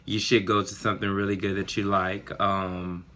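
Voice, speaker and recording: Man, casual vlogger, low pitch, bright edgy tone, chatty. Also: normal speed, slight background noise. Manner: chatty, animated, lots of fillers. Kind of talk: casual storytelling vlog.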